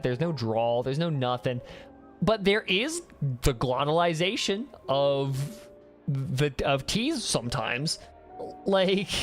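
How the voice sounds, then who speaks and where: A streamer with a Midwest mountain accent giving animated, rambling gameplay commentary full of restarts. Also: medium pitch. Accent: Midwest mountain American.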